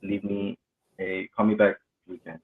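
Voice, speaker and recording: A man with a lowish voice answers hesitantly and stumbles over his words. He comes through a thin, tinny phone line. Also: level tone, normal speed. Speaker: coaching student.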